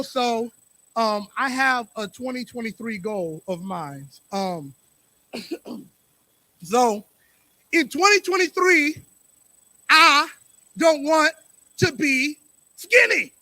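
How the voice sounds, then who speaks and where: High-voiced hype poet man. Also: animated, no room sound. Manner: loud hype, then rhythmic rapid poem delivery. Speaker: featured poet. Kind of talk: spoken word performance. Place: open mic venue.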